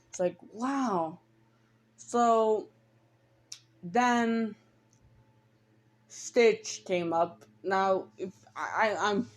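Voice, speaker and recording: A woman's voice: fairly low pitch, darkish tone. A woman casually retelling a fan story, rambling and stumbling over her words with lots of restarts and some offhand swearing.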